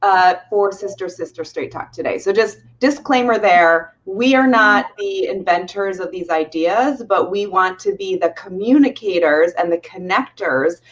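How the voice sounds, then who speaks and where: A woman's voice: medium pitch, unhurried, few pauses, dull audio. A woman co-hosting a casual live show, chatty and bubbly, laughing often. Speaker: co-host.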